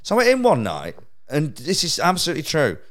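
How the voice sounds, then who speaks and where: Man, comedian, casual storytelling, sweary, very lively pitch. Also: brisk. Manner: sweary, animated anecdote-telling, laughing through punchlines. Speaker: stand-up comedian. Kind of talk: casual podcast chat, storytelling.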